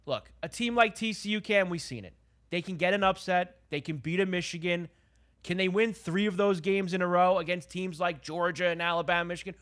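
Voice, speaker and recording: A man's voice: high voice, fairly quick. A man co-hosting a sports betting show, chatting casually and getting worked up about the games. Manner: excitable, talks up the betting angle, frequent "uh".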